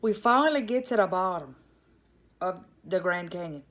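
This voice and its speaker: A woman with a Cajun Louisiana accent telling a comic story in a casual, animated way, calling her listeners "y'all". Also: lowish voice, normal speed.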